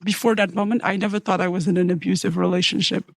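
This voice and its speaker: A woman's voice: fairly low pitch, flat delivery, quick pace, gravelly, no echo. A woman tells her personal story in an earnest, heartfelt way and acts out the lines of dialogue. The recording is dry and close, with no room sound. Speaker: storyteller guest. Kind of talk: personal testimony.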